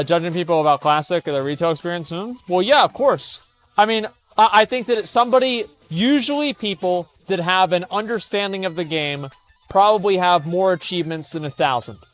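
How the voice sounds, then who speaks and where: A young man streaming casual commentary as he reads forum posts aloud, blunt and scornful, swearing, stammering and restarting. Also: sits high.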